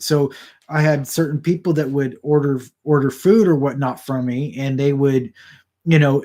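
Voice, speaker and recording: A man's voice: on the high side, darkish tone. A man talking casually to a camera about four feet away, rambling and restarting his sentences often. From Southern California. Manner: rambling, frequent restarts and stammered repeats.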